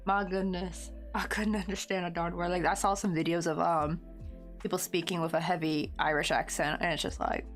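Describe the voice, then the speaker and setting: A woman's voice: fairly low pitch, fairly even intonation, normal speed, soft background music. A woman chatting casually with viewers while crocheting, rambling along with lots of "like" and frequent laughter. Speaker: crochet livestreamer.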